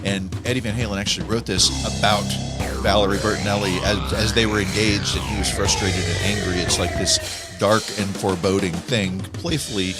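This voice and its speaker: Animated storytelling male podcast host. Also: fairly low pitch, fairly quick, loud music behind the voice. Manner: animated storyteller, acts out quoted voices. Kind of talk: casual storytelling chat.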